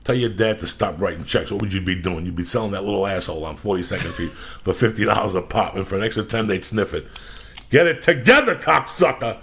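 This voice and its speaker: A male podcast host telling a profane, blunt, animated story. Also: sits low, quick pace, creaky, breathy edge.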